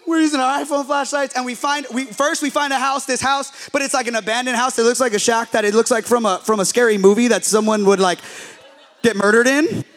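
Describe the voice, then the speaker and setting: A young man with a very high, light voice tells a story from the pulpit, playing it for laughs. He is a pastor who jumps into acted-out dialogue and keeps the pace animated. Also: a little fast. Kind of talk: storytelling sermon.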